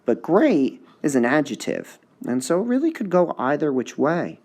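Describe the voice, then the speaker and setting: A male high school English teacher giving a recorded lesson on poetic meter, repeating words to sound out their stresses. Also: sing-song, normal speed, a little mellow. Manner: sounds out syllables to mark the stresses.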